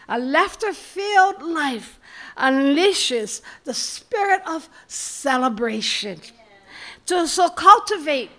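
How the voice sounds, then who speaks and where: A woman preaching a sermon, calling out praise and telling family stories. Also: sits high. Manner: exhorting, rising to loud praise calls; storytelling with family anecdotes.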